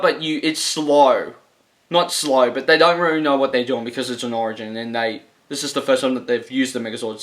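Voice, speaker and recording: A man's voice: medium pitch, a bit bright. Rambling enthusiastic male movie reviewer. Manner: rambling, many fillers and restarts, enthusiastic. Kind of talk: casual rambling film ranking.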